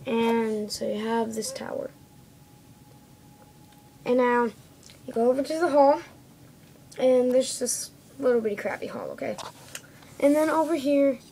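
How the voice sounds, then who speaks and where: A woman talks through a toy set in a loose show-and-tell, stopping to correct herself and checking in with "okay?". Her voice sits a little high, with a warm, mellow tone. It is recorded on a phone indoors at home. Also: a little hiss or hum, low-quality recording. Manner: rambling, corrects herself often, tags lines with "okay?". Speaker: toy reviewer. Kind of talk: casual show-and-tell review. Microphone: phone camera.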